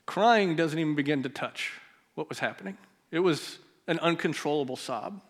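A pastor telling a personal story in a sermon, his voice dropping to a near hush at the emotional moments. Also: a little high, moderate pace. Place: church sanctuary.

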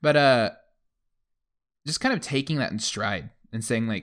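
A man's voice: medium pitch, expressive, measured pace, long pauses, fairly bright tone. A young man hosting a podcast in casual chat, rambling with many fillers. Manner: rambling, lots of fillers like "like" and "you know". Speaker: podcast host.

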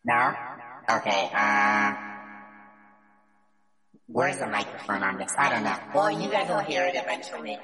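A man's voice: fairly low pitch, expressive, a little slow, pauses often, music in the background. Rambling casual man on an echoey call. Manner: loose, rambling, lots of fillers. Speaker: podcast host. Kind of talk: casual chat. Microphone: video call.

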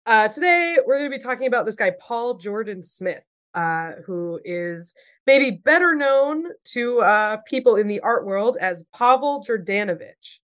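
A woman's voice: fairly high pitch, animated, a little slow. A woman in her thirties hosting a podcast in casual chat, chatty and full of fillers, swearing now and then. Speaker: podcast host and storyteller.

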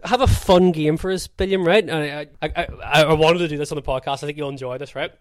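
A man's voice: on the high side, quick pace, soft background music. A man co-hosting a podcast in casual chat, teasing and laughing easily. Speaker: podcast co-host.

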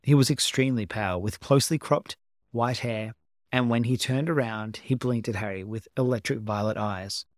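Guy reading an audiobook out loud, steady and unhurried, mid pitch, dry close sound. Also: dry recording. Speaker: narrator.

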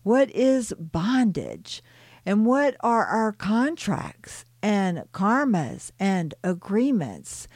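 A woman reading a channeled spiritual story aloud and adding her own reflective, soft-spoken commentary with light laughs. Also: medium pitch, huge pitch swings, very slow, no room sound, studio quality.

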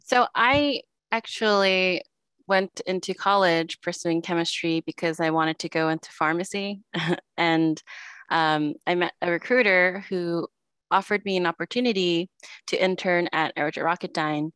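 Young woman panelist, low smooth voice, dry close sound, relaxed with some ums. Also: unhurried, no room sound. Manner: relaxed, with light fillers and small laughs. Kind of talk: casual panel storytelling.

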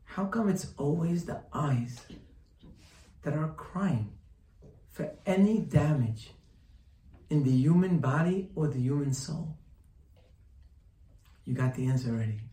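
A man's voice: on the high side, expressive, slow, long pauses, mellow. A man giving a sermon-style Torah lesson, quoting Hebrew texts and translating them, asking rhetorical questions and repeating phrases for emphasis. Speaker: rabbi teaching Torah. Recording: echoey room, voice from far off.

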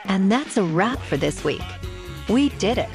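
A woman's voice: medium pitch, very animated, measured pace, over loud music. A woman hosting a podcast, reading scripted news and signing off in an upbeat, chatty way. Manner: upbeat, chatty sign-offs. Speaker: podcast host.

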